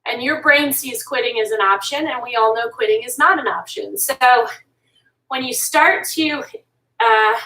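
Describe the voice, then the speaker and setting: Leading a workout while doing it herself, a woman instructor pushes listeners to keep going and not give up. Her slightly high voice is bright and pushed, her pace unhurried, and she sounds distant in an echoey room.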